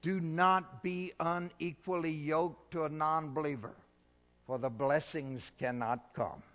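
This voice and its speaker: A man's voice: fairly high pitch, steady tone, measured pace, faint music behind. Man preaching in a reverberant hall. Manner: preaching with big swings from loud to hushed. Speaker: pastor. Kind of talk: sermon.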